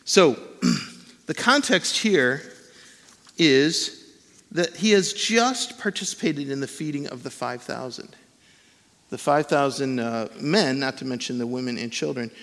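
A man's voice: fairly high pitch, sharp tone, big-room sound. A man preaching a sermon in an earnest teaching tone, leaning hard on key words. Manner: earnest teaching tone with emphatic stresses. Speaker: pastor.

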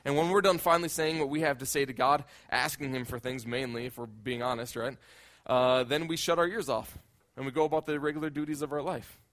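A man's voice: medium pitch, fairly even intonation, fairly quick, a bit bright. A male pastor preaching a conversational sermon, often repeating words as he builds a point.

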